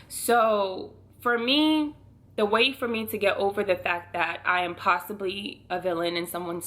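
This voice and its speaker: A woman's voice: mid-range voice, bright, forceful tone. A woman in her twenties talking earnestly to her viewers in a casual faith vlog, laughing now and then. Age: 20s. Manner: earnest, speaks straight to viewers, often laughing. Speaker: vlogger.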